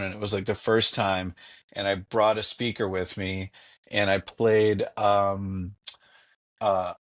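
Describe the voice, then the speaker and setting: A man's voice: fairly low pitch, a bit bright. A man telling casual, rambling stories about his young daughter as a podcast guest, speaking from his home basement over a call. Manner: rambling, filler-heavy anecdotes. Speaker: guest, father. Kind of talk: casual storytelling.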